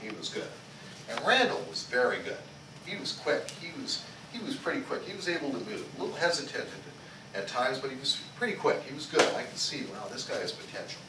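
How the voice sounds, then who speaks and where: Man instructor with a lively, questioning voice. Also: mid-range voice, fairly quick, distant mic. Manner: repeats "okay?" after nearly every sentence; asks the class questions and leads group chants. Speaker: martial arts instructor. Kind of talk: teaching a small class. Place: karate school training hall. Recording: echoey hall recorded from afar with background noise.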